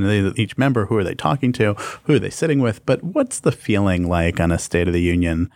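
A man's voice: low voice, very animated, brisk, hardly any pauses, no room sound. A man hosting a political podcast, asking probing questions in a conversational way. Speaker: podcast host.

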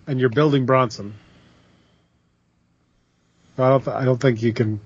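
A man's voice: mid-range voice, fairly even intonation, measured pace, husky, no room sound, muffled recording. A man co-hosting a casual wrestling podcast, blunt and wisecracking, swearing freely. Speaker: podcast co-host.

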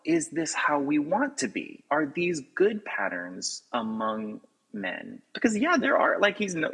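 A man in casual podcast conversation, talking in an animated, emphatic way and laughing often. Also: a little high, husky, rough recording. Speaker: podcast guest. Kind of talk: casual critical chat.

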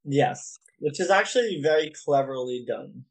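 A woman's voice: low voice, expressive, normal speed, poor audio. A woman chiming in on a casual book discussion with brief, agreeing remarks.

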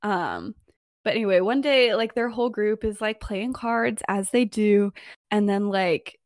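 A young woman podcast co-host casually retelling a story in a chatty way, full of fillers and quick laughs. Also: mid-range voice, no echo, clean studio sound.

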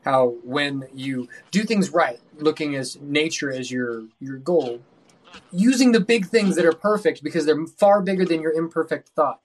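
A man's voice: fairly high pitch, animated, normal speed. Rambling man on a podcast. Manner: rambling, restarts often. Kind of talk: casual podcast chat.

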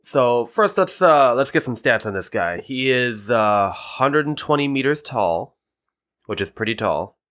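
A man's voice: mid-range voice, expressive, unhurried, a bit bright. A man co-hosting a podcast in casual chat, laid-back and a bit hesitant. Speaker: podcast co-host.

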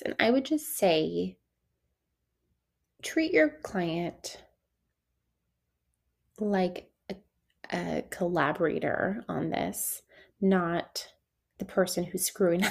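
A woman's voice: mid-range voice, creaky, a little mellow, breathy edge. A young adult woman hosting a solo podcast, chatting casually with many "like"s, laughing often and acting out dialogue. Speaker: podcast host, esthetician coach.

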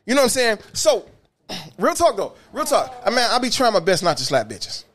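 A man's voice: high-pitched, moderate pace. A man, a bus driver telling profane stories on a casual podcast and acting out the quotes. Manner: animated, profane, acts out quotes.

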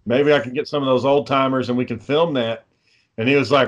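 A man's voice: medium pitch, fairly quick, muffled recording. A man in casual banter with friends, blunt and laid-back, swearing heavily while planning an amateur wrestling film.

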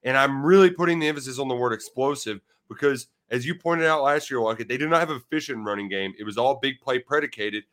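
A man trades sports betting opinions with a playful, self-mocking edge, cracking small jokes as he goes. His voice has an ordinary pitch for a man. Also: fast talker, hardly any pauses, fairly bright tone. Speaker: podcast co-host. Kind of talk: casual sports betting chat.

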